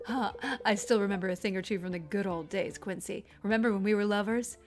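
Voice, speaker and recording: Woman reading calm knowing nurse, even advising tone, dog-training tips, soft. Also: mid-range voice, quick pace, lightly acted.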